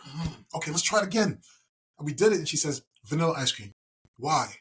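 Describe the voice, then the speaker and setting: A middle-aged man, a podcast guest, telling a story in a calm, measured way. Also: on the high side. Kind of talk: conversational storytelling.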